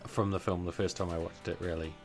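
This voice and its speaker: A man co-hosting a podcast in casual chat, joking dryly and trailing off quietly at the ends of his sentences. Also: low-pitched, level tone, fast talker, gravelly, soft background music. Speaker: podcast co-host.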